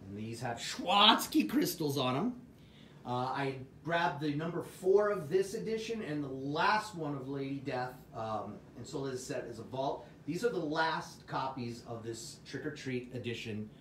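A man's voice: mid-range voice, animated, measured pace, fairly bright tone, far from the mic, slight background noise. A man hosting a livestream sales show, with upbeat salesman patter and chatting with his viewers. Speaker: host. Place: Arizona. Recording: roomy sound from off the mic.

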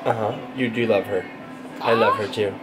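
A young father with a notably low voice rambles chattily to the camera in his family kitchen. It is an unpolished home video with noticeable background noise under his voice. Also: fairly even intonation, normal speed. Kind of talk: casual home vlog chat.

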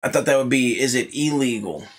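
Rowdy, animated man joking on a radio show. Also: medium pitch, fairly quick, breathy edge. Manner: rowdy, profane, laughs often. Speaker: co-host. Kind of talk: casual banter.

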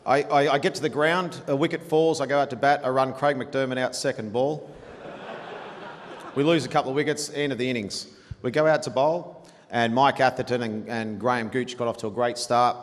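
A man's voice: mid-range voice, steady tone, brisk. A man in his forties with an Australian accent, telling a chatty, blunt, profane sporting anecdote to a dinner audience and laughing along. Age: 40s. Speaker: guest storyteller. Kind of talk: after-dinner anecdote on stage. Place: large dinner hall. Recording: reverberant hall, faint room noise.

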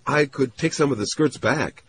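A man's voice: mid-range voice, normal speed, fairly bright tone, a little hiss or hum, pitched above the performer's own voice, natural voice. A man reading an audiobook, voicing an anxious, eager young woman in a raised voice, breathless and pleading.

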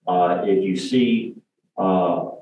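A man's voice: deep voice, fairly even intonation, drawn-out words, slight background noise. A man giving a rambling church presentation, full of fillers, restarts and jokey asides. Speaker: lay speaker. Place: church hall. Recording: distant mic, echoey sanctuary, dull lo-fi sound.

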